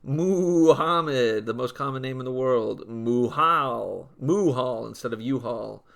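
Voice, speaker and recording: Slow, gravelly young man. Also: mid-range voice, fairly bright tone. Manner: dry, matter-of-fact listing with amused asides. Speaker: gaming video creator. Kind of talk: casual gameplay commentary.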